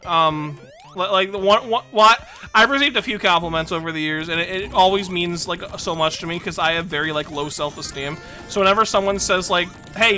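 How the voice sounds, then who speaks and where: A woman's voice: lowish voice, bright, forceful tone. A woman streaming a video game, chatting casually and rambling, self-deprecating and laughing often. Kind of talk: casual gaming stream chat. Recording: game music behind.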